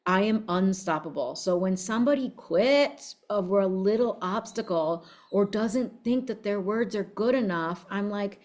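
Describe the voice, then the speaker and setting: A woman's voice: medium pitch, a little slow, few pauses, darkish tone. A woman giving a casual motivational talk as a business coach, telling her story in a blunt, fiery, profane way. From United States.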